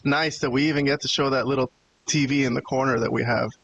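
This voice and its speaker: A man's voice: medium pitch, fairly even intonation, quick pace, creaky, fairly bright tone, highs cut off, slight background noise. A man hosting a wrestling podcast, chatting casually, rambling and swearing as he vents to his co-hosts. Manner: rambling and profane, venting to co-hosts. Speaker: podcast host. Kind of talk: casual chat.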